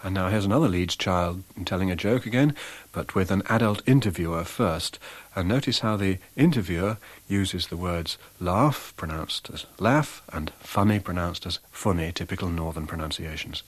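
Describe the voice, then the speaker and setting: A man narrating as a lecturer, introducing examples in a measured, explanatory way with occasional fillers. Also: low-pitched, no echo.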